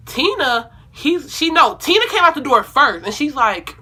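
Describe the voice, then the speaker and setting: A woman's voice: a little high, expressive, normal speed, bright, forceful tone. A young woman telling a storytime video at home in a casual, rambling way, correcting herself and swearing freely. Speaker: vlogger.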